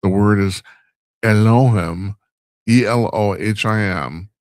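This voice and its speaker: A radio talk show host with a fairly low, slightly mellow voice speaks slowly in a dry recording. His casual monologue commentary rambles wryly, and he laughs at his own stumbles.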